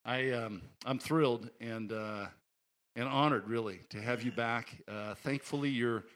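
A man's voice: medium pitch, unhurried. Man introducing a guest preacher. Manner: warm, enthusiastic, with fillers. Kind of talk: church introduction.

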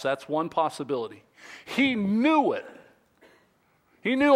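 Give me a lively, high-pitched male preacher. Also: normal speed. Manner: animated, playful storytelling with acted-out quotes. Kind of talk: sermon.

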